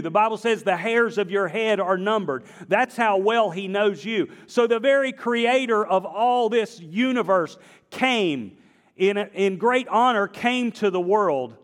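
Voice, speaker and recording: A man with a slight Southern accent preaching a sermon, moving between emphatic declarations and quiet, conversational storytelling. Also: high voice, lively intonation, unhurried, in a large hall. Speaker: pastor. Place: church sanctuary.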